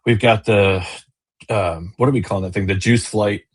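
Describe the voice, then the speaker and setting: Husky, lower-voiced male guest, casual and rambling, on a video call. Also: fairly even intonation, normal speed. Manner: rambling storyteller with many fillers and restarts. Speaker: business owner and kayak angler, guest. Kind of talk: casual interview chat.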